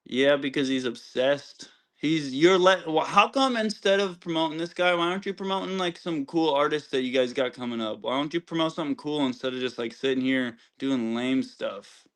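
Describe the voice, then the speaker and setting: Guy on a stream panel with a kinda high voice, earnest, keeps pushing his point, talks over people. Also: moderate pace, few pauses, a bit bright. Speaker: panel guest. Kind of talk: casual argumentative panel talk.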